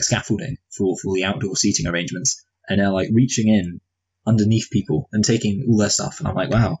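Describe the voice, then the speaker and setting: A man's voice: fairly low pitch, a little mellow, husky, dull audio. A married man co-hosting a movie review podcast, chatting casually with wry jokes and meandering asides. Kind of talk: casual chat.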